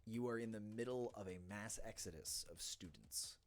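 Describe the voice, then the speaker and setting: A man's voice: on the low side, normal speed. A man narrating a tabletop game as game master in a loose, rambling way.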